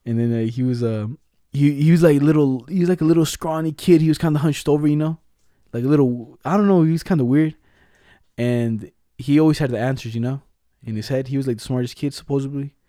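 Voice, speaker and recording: A young man tells school stories in a loose, slangy way, laughing often. His voice is mellow and dark. The sound is dry and close. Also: medium pitch, quick pace, dry recording. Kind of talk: casual chat.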